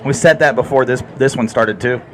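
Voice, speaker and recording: A man's voice: medium pitch, a little fast. A man co-hosting a casual sports chat, blunt and sarcastic. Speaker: podcast co-host.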